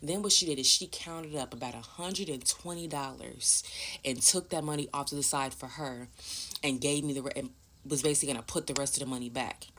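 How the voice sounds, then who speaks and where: Low-voiced woman vlogger, blunt and emphatic, telling her own story casually with a faint hiss behind. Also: fairly quick, fairly bright tone. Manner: blunt and emphatic, swears freely.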